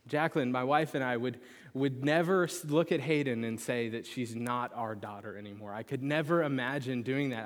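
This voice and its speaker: A young man preaching a sermon, telling a lively personal story with animated pitch swings before turning to scripture. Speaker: pastor. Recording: long reverb of a large hall.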